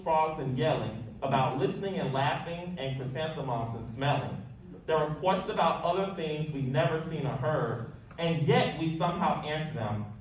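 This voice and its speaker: A man reading a rhyming picture book aloud in a lively, sing-song way. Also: far from the mic, dull audio. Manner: lively, sing-song delivery with big pitch jumps. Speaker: storybook reader. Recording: echoey room, voice off-mic, faint hiss.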